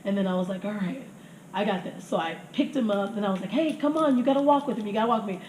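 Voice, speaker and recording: A woman's voice: mid-range voice, fast talker. A woman in her thirties telling crude stories in casual chat, laughing often and acting out what people said. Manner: crude, laughing, animated storytelling with acted quotes. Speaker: podcast guest telling stories. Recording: echoey room with faint noise.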